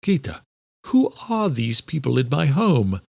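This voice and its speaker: A man's voice: fairly low pitch, unhurried, creaky, husky, full character voice. A man voicing an elderly male doctor in a storybook audio drama, speaking stiffly and formally. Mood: irritated.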